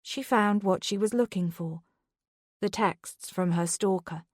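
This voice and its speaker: A woman narrating a thriller audiobook in a measured, steady reading. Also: mid-range voice, dry recording, studio quality.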